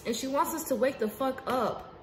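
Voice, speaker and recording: A woman giving an unscripted spiritual monologue to her viewers, casual and profane, swinging between emphatic outbursts and hushed asides. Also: high-pitched, moderate pace. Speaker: spiritual vlogger. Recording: roomy echo with faint background noise.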